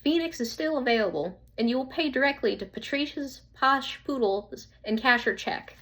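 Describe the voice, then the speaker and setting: A woman's voice: high voice, expressive, moderate pace, a bit bright, pitched above the performer's own voice. A woman voicing a polite shop receptionist on the phone, speaking in a light Southern accent in a businesslike way.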